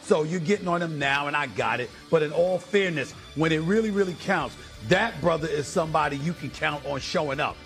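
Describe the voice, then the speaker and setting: A man with a slightly high voice hosting a sports debate in a TV studio. He speaks emphatically and hammers his points by repeating them. Faint music sits underneath. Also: fairly quick, hardly any pauses, fairly bright tone. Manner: emphatic, repeats phrases for stress.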